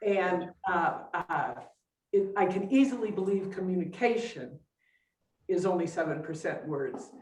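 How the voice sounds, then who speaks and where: A woman's voice: on the low side, a little slow, a little mellow, roomy sound, recorded from a distance, poor audio. A woman speaking thoughtfully and measuredly in a casual group discussion.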